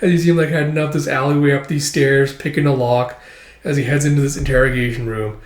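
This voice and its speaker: A man recapping a manga chapter with energy, narrating and jumping into loud, excited character voices. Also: medium pitch, fast, echoey room. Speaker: manga reader and commentator.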